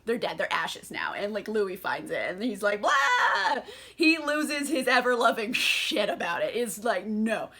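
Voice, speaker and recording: A woman's voice: medium pitch, moderate pace, few pauses. Tipsy woman swearing through a book recap. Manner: animated, swearing, laughing often. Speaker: book reviewer.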